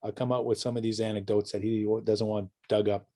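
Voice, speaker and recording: In a warm, fairly low voice with little pitch movement, the Canadian hockey parent talks quickly through rambling anecdotes. The middle-aged guest often restarts, self-corrects, and chuckles along with his casual stories.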